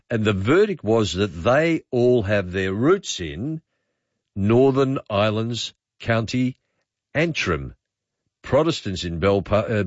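A middle-aged Australian man hosting overnight talkback radio, musing aloud with frequent pauses and fillers. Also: fairly low pitch, no room sound, dull audio. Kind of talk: late-night talkback radio. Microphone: studio microphone.

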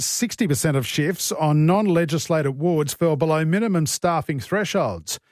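A man's voice: a little high, no echo. A man with an Australian accent hosting breakfast radio, reading the news with chatty asides and wry self-corrections in a radio studio.

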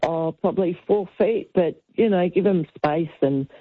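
A woman's voice: lowish voice, unhurried, no room sound. Friendly woman calling in. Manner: friendly, hesitant with many ums. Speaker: caller. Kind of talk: casual chat. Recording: muffled phone-in call.

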